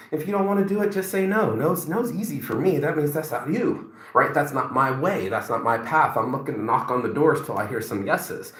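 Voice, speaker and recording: Man, forties, mid-pitched voice, rambling pep talk, profane, lots of ums, roomy echo. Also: a bit bright. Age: 40s. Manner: rambling, profane, many fillers. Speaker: motivational vlogger. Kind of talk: casual motivational monologue.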